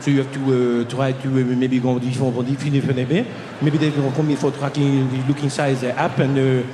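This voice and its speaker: A man voicing an older French airport clerk who rambles in halting, broken English with a French accent. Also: mid-range voice, flat delivery, roomy sound, big-room sound, background noise, voice pushed down, close to an everyday voice. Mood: muddled.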